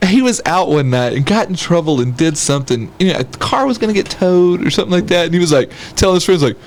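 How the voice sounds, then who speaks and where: A man's voice: high-pitched, animated, fast talker, a little hiss or hum. A man co-hosting a podcast, chatting casually and laughing often as he tells stories and acts out the people in them. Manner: laughs often while telling stories, acts out quoted voices. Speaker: podcast co-host. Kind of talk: casual chat.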